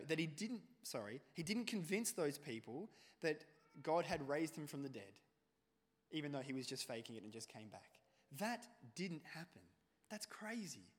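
A man preaches a sermon, telling stories with lively acted-out voices. His voice sits fairly high for a man. It carries a long reverb, as if in a big church hall. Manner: animated storytelling, acting out quoted voices.

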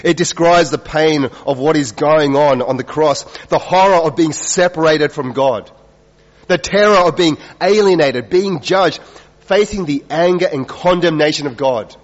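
A man preaching a sermon, earnest, with rhetorical questions and swings between loud emphasis and quiet, slow lines. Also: on the high side. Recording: dull, reverberant hall sound.

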